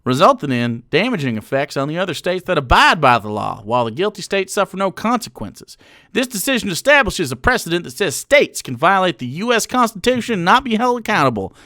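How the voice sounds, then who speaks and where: A man's voice: high voice, big pitch swings, fairly quick, pushed and bright, no echo, clean studio sound, full character voice. A man putting on a mocking Southern twang to voice a blustering Texan party official, with an exaggerated, mock-pompous drawl. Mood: mock indignant. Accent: Southern US twang, put on. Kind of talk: mocking read-aloud of a statement.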